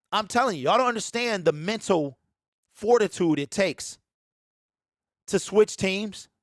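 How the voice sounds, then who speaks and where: A man with a fairly high voice delivers an animated sports talk monologue. He hammers his points with repetition, and the recording is dry and close. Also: no echo. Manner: emphatic, repeats lines, mocking quoted voices. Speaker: sports show host.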